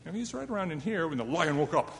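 A man's voice: a little high, very animated, quick pace, creaky, fairly bright tone, big-room sound, slight background noise. A man telling a fable to a young live audience in a chatty, self-deprecating way, with asides to his listeners. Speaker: storyteller.

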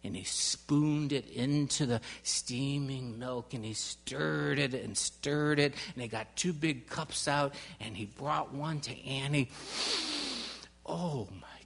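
A man telling a children's story in an unhurried, expressive way. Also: mid-range voice, vocal fry. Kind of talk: storytelling to an audience. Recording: long hall reverb.

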